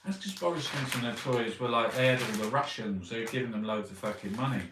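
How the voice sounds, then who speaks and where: A man's voice: mid-range voice, quick pace, distant mic, background noise. A man reading newspaper headlines aloud and ranting about them in a sweary, mocking way. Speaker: vlogger reviewing newspapers. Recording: roomy echo, voice set back from the mic.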